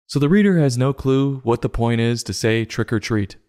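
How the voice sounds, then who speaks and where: A man hosting a comic book review show, delivering mock-serious, sarcastic commentary in a deadpan way. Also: medium pitch, moderate pace. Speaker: host.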